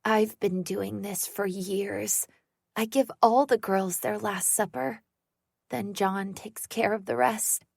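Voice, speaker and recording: A woman reader voicing an unstable, obsessive young woman who pleads in a high, wailing voice. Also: steady tone, slow, vocal fry, no room sound, clean studio sound. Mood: cold menacing. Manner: high pleading wail breaking into begging.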